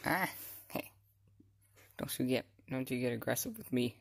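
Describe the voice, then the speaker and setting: A woman chatting playfully to her cats while filming them on a phone, teasing them with sudden high squeals. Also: lively intonation, moderate pace, vocal fry, husky. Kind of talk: casual chat to pets. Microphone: handheld phone.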